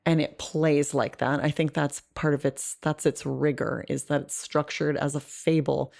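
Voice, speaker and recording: A woman's voice: low voice, level tone, normal speed, creaky, darkish tone. A woman guest on a podcast, talking through a film in an articulate, analytical way with frequent restarts. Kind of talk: casual film discussion.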